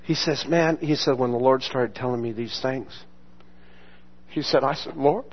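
This pastor's mid-range voice moves at a normal pace over a faint hiss or hum, captured in a muffled lo-fi recording of a sermon. Recounting his own testimony, he breaks into frequent laughter and performs each voice he quotes.

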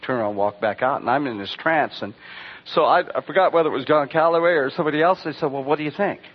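A man's voice: a little high, fast talker. A man preaching a sermon, telling rambling stories and asking the congregation rhetorical questions. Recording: dull lo-fi recording.

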